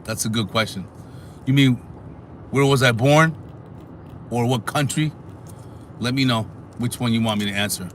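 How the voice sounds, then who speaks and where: A man hosting a casual live stream, animated and talking back to his chat. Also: medium pitch, normal speed, pauses often, a little hiss or hum. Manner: animated, talks back to chat, sings snatches.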